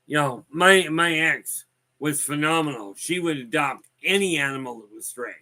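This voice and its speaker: Wry, bright-voiced man telling folksy stories. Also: on the high side, normal speed. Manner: rambling, wry, folksy storyteller who reads viewer comments aloud. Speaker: host of a live talk stream. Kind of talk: casual storytelling chat.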